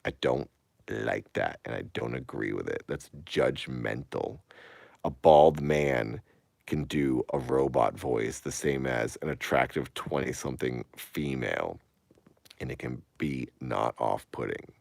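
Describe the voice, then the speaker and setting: A man's voice: rumbling low, a little slow, creaky, darkish tone, no room sound. A man in his late thirties chatting casually on a live stream, rambling and growing emphatic and incredulous. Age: 30s.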